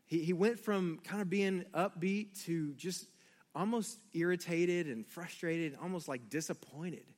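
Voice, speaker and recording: Man, high voice, pastor, sermon, animated storytelling, talks straight to the congregation. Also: unhurried.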